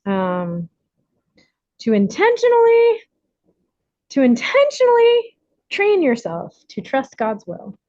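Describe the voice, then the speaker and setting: On a slightly muffled video call, this woman leads a casual recovery workshop, chatty, full of fillers and frequent laughter. Her mellow voice sits high and swoops wildly in pitch, moving slowly with long pauses and no echo.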